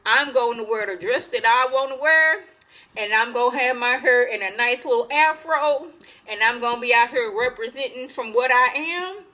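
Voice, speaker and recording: A woman's voice: fairly high pitch, normal speed, bright, forceful tone, pitched above the performer's own voice, poor audio. A woman voicing a sassy teenage queen. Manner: sassy and blunt. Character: young teenage queen, frank and fed up.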